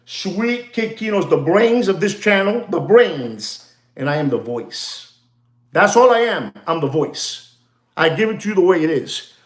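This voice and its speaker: A man's voice: high-pitched, moderate pace. A man hosting a live stream, rambling in a teasing, lecturing way, packed with "you know" fillers. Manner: animated, excitable, constant "you know" fillers. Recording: roomy, echoey room sound.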